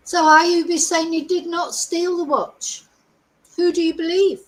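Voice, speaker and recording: High-voiced, slow chatty woman host. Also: fairly even intonation, fairly bright tone, low-quality recording. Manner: chatty, rhetorical questions to viewers. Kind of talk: live-stream commentary reading news.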